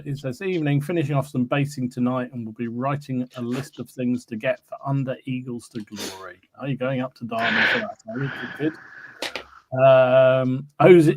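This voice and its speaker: A man with a medium-pitched, darkish voice hosts a casual hobby podcast stream while suffering from a cold. He greets viewers by name and laughs often.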